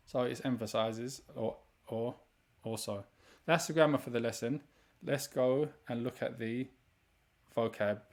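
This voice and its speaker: A man teaching a recorded language lesson, explaining grammar steadily and reading each vocabulary word slowly before translating it. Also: mid-range voice, darkish tone. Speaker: Arabic teacher.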